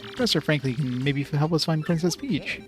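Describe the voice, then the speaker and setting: A man's voice: fairly high pitch, lively intonation, fairly quick. Wry man narrating a video game. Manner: wry, joking. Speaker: let's play host. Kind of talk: casual game commentary and reading dialogue aloud. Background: game music.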